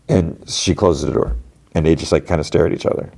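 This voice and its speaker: A man's voice: extremely low pitch, fairly even intonation, fairly quick, creaky, darkish tone. A man hosting a podcast, casually retelling a TV episode in a rambling way, full of "like" and acted-out quotes. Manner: rambling, heavy use of "like", acts out quotes. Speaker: podcast host. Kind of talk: casual movie and TV recap.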